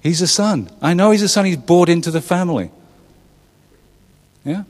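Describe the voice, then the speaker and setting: A man's voice: high-pitched, animated, moderate pace, a little mellow, long reverb tail. A middle-aged man preaching a conversational sermon, often turning questions to his listeners. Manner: chatty, asks the congregation questions, laughs at his own jokes. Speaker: pastor. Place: church.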